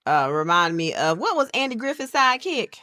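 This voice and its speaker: Lively woman telling a story. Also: a little high, a little fast, no room sound, clean studio sound. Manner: animated storyteller, acts out quoted people. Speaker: podcast co-host. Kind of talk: casual chat.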